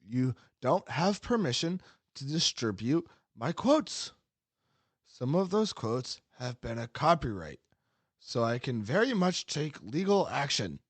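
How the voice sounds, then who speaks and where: A man voicing a pompous, sweaty young man who reads out a slow, self-important legal threat. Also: medium pitch, very animated, no room sound.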